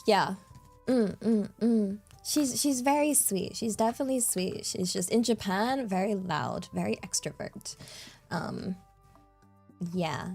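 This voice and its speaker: Young British woman, chatty and giggly livestream host, mid-pitched voice over faint background music. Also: a little mellow. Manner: chatty and giggly, full of fillers. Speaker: streamer. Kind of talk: casual chat.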